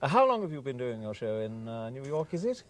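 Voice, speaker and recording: A man's voice: medium pitch, big pitch swings, fairly quick, lightly acted. A man putting on an affected, upper-class Oxford-educated Englishman with a posh English accent. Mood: airy.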